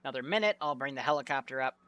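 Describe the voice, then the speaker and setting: A man's voice: mid-range voice, rapid-fire. A man running a military simulation game as game master, chatting casually and thinking aloud. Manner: relaxed, thinking aloud with fillers. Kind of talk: casual gameplay commentary.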